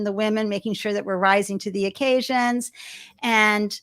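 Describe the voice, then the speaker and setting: A woman's voice: mid-range voice, fairly even intonation, fairly quick, fairly bright tone. A woman hosting a live-streamed interview show on a video call, gushing and effusive as she greets viewers by name. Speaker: show host. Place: home studio with balloons behind.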